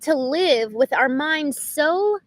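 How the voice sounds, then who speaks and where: Gushy sweet phone-line lady going on and on, kinda high, as a woman retells her. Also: expressive, takes it slowly. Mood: gushing. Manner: effusive and sentimental. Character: warm, gushing Southern woman on a customer-service line.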